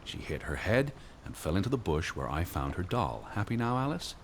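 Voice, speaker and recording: An actor playing a cold, pedantic middle-aged gentleman scholar who speaks in a dry, dismissive, precise way. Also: low voice, big pitch swings, a little fast, slight background noise. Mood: cool. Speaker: game character. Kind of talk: game voice acting. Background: game music.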